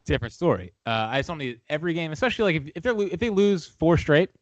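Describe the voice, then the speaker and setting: A man's voice: on the high side, big pitch swings, fast talker, no room sound. A man, a guest on a podcast, in casual sports chat, opinionated and enthusiastic. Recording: dull lo-fi recording.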